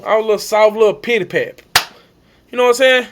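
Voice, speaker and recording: Animated young man storyteller. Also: high voice, fast, noisy background. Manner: animated, acts out shouts and coaches' lines. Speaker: vlogger telling his injury story. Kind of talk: emotional storytelling to camera.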